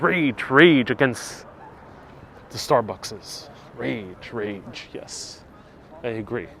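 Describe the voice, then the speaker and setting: A man with a medium-pitched voice and a little hiss or hum in the audio leads a casual outdoor walking tour of city streets on a live stream. He keeps chatting, reads viewer comments out and laughs frequently, recorded through a wireless clip-on mic with his phone on a gimbal.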